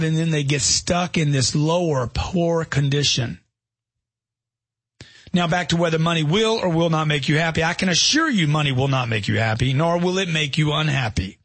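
A man's voice: on the high side, a bit bright, breathy edge, no echo. A middle-aged man giving motivational narration as a self-help author, emphatic and punchy, firing off rhetorical questions.

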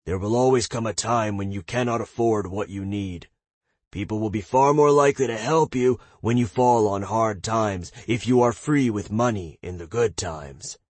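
A genial older adventurer gives fatherly lessons in a fantasy storybook, voiced by a man reading it. He speaks a touch higher than the narration, and the sound is dry and close. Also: normal speed, darkish tone, no echo, lightly acted. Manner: fatherly, lecturing, calls others lad. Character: genial older male adventurer, wise and generous.

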